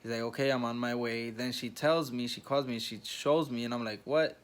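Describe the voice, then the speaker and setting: A young man telling a story to his vlog audience, talking low and hushed in a hospital room. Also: fairly even intonation, brisk. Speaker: vlogger.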